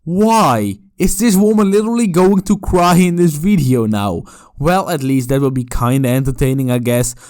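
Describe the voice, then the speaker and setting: A man's voice: on the high side, moderate pace, darkish tone. A man giving mocking, profane reaction commentary on a video clip. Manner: sarcastic, profane and scornful.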